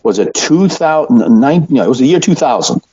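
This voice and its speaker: A middle-aged man hosting a podcast, telling stories in a blunt, profane, animated way. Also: medium pitch, brisk, breathy edge. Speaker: podcast host. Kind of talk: casual chat. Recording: dull lo-fi sound.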